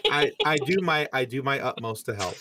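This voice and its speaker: A man's voice: medium pitch, moderate pace, a crowd in the background. A man hosting a casual interview, joking and easygoing as he asks questions. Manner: joking, easygoing, self-deprecating. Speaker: podcast host.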